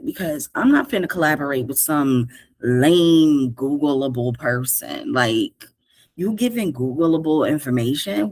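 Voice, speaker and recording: Low-voiced, lively New York woman. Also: slightly rough, no echo. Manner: slangy, animated, talks straight to listeners. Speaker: career coach and podcast host. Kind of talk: casual solo podcast monologue.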